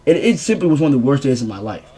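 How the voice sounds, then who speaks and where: A young man rambling through a casual storytime vlog in slangy, animated speech. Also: mid-range voice, rapid-fire, slightly rough. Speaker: streamer telling a story.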